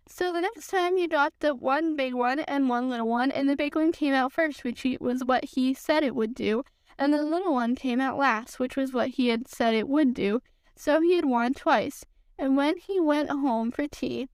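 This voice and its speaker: A woman hosting a podcast, reading a children's storybook aloud in a calm, measured way. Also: sits high, no room sound. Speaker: podcast host, reader.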